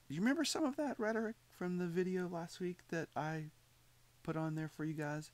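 Speaking a little fast in a high-pitched voice, a man teaches psychology in a conversational style. He repeats points and puts questions to the class in this recorded lecture.

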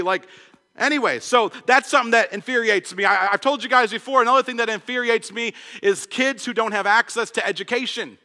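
High, bright-voiced passionate young preacher. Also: male voice. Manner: passionate, fast-talking preacher with many restarts and acted quotes. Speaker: pastor. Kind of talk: sermon. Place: church sanctuary. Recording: long church hall reverb.

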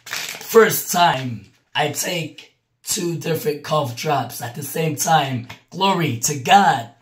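A vlogger with a groggy, sick-sounding voice, talking in a slow, playful way and laughing at themselves. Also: medium pitch, slight background noise. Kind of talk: casual self-filmed vlog.

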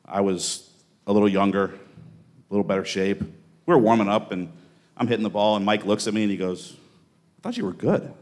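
A man with a somewhat low voice giving a tribute at a memorial gathering. He talks in a relaxed, reflective manner, often pausing on an um. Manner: relaxed, reflective, with frequent ums. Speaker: tennis coach. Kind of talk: memorial speech. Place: event hall.

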